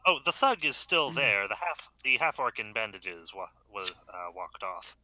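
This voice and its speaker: A man narrating as game master over a video call, unhurried and halting with many fillers. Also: lowish voice, sing-song, bright, forceful tone, no room sound.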